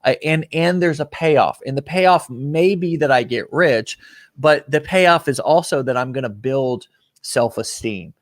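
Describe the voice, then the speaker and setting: Host, man, earnest and rambling, mid-pitched, dry close mic. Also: unhurried, dry recording. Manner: rambling, repeats words, earnest. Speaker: podcast host. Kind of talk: casual motivational chat.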